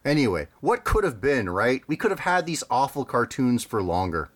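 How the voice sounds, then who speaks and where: Rambling man, lively pitch. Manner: rambling, amused, quick laughs, many fillers. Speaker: podcast co-host. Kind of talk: casual chat.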